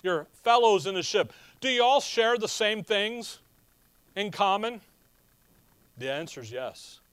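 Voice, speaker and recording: A man's voice: sits high, expressive, measured pace, fairly bright tone, clean tone, no room sound. A man preaching a sermon in a conversational way, asking rhetorical questions and telling personal stories with a chuckle. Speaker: pastor.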